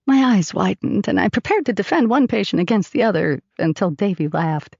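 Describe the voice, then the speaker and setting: A woman narrates an audiobook with lively, animated pitch. Her voice carries some gravel, and the recording is dull and dry, close to the mic. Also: a little fast, few pauses, no echo.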